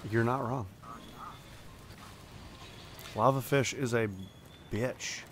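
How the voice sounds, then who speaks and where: A man's voice: mid-range voice, steady tone, very slow, a little hiss or hum. A man streaming a video game, chatting casually and bantering with friends, swearing freely. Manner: joking, profane banter. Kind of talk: casual gaming chat.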